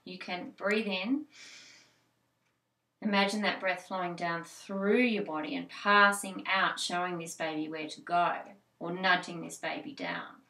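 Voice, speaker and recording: A woman's voice: on the low side, fairly even intonation, measured pace, bright, forceful tone, roomy sound. A woman with an Australian accent, a childbirth educator giving an informal talk with many fillers and restarts. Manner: conversational, with frequent fillers and restarts.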